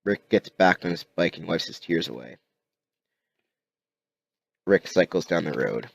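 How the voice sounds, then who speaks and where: A man narrating an improvised story in a halting way, with many restarts. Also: low-pitched, expressive, gravelly. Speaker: amateur narrator.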